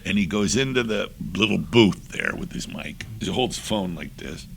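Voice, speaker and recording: An older man, a podcast guest, telling anecdotes in a lively way and acting out the voices of the people he quotes. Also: fairly low pitch, moderate pace, creaky, a little hiss or hum. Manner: lively, acts out quoted voices, breaks into laughs. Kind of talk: anecdotal storytelling.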